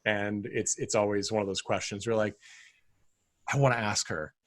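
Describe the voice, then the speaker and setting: A man's voice: lowish voice, steady tone, moderate pace, no echo. A man co-hosting a film podcast, chatting casually about a movie, rambling with lots of fillers and restarts. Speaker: podcast co-host. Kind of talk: casual film review chat.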